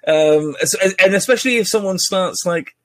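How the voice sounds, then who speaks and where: A man's voice: high voice, normal speed, a bit bright, no room sound. A man hosting a podcast in casual chat, rambling with many fillers and joking. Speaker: podcast host.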